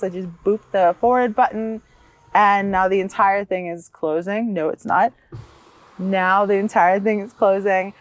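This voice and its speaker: A woman co-hosting a car review vlog, chatting casually and excitedly, laughing easily, from inside a vehicle and beside it. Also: medium pitch. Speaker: vlog co-host.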